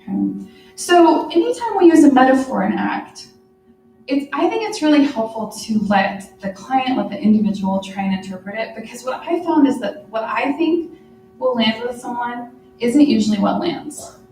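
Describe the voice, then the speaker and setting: A woman's voice: fairly high pitch, animated, moderate pace, warm tone, faint music behind. A woman presenting a workshop to a live audience, talking conversationally and checking in with frequent "right?" and "okay?". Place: conference room with a podium. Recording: echoey room, mic far off.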